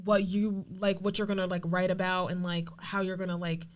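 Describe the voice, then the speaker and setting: A woman's voice: lowish voice, flat delivery, a little fast. A young woman co-hosting a podcast, telling a story in casual chat and filling it with "like". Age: young adult. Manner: rambling with constant "like" fillers. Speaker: podcast co-host.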